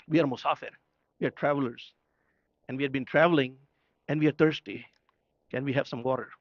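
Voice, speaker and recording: A man whose first language is Urdu speaks with a fairly high voice, recounting a tale as a sermon in a chatty way and pausing to ask his listeners whether they follow. The recording sounds dull and lo-fi, with a dry, close sound. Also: dry recording. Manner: conversational, often checking in with the audience. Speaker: speaker at a religious gathering. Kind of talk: storytelling sermon.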